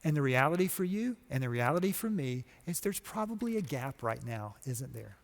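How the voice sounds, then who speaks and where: A middle-aged man from Georgia giving a motivational conference talk, telling a story and acting out quotes with lively energy. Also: mid-range voice, fairly quick, vocal fry, in a large hall. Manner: storytelling, animated, acts out quotes. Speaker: conference speaker.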